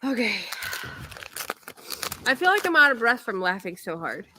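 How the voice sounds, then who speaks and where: A woman's voice: a little high, sing-song, quick pace, background noise. A woman, hosting a casual chat, bubbly and giggly as she reads fan letters aloud. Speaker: host opening fan mail.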